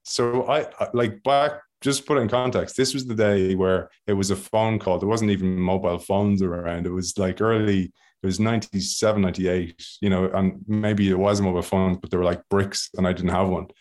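A man with an Irish accent tells stories in a relaxed, chatty way, his voice sitting low. He keeps the telling animated and easygoing. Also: a little fast. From Ireland. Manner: animated storyteller, laughs often and acts out other people's voices. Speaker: podcast guest, former rugby player. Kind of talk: casual storytelling.

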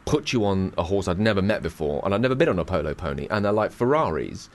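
A man, a guest telling a story in a lively way and acting out the voices in it. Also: low-pitched, quick pace. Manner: animated, acts out voices in his stories. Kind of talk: anecdotal storytelling.

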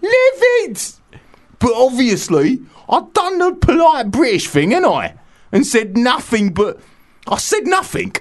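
A man voicing a furious Cockney geezer who rants about small grievances with loud, laughing outbursts on a radio show. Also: extremely high pitch, sing-song, unhurried, voice pushed up, exaggerated voice. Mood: ranting. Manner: ranting, loud bursts, laughs through it. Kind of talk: comic character bit on radio.

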